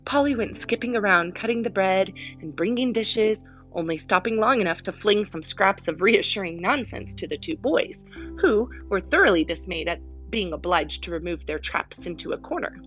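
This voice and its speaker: A woman narrating a storybook in an expressive, animated reading voice. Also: mid-range voice, normal speed, muffled recording, soft background music. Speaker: audiobook reader.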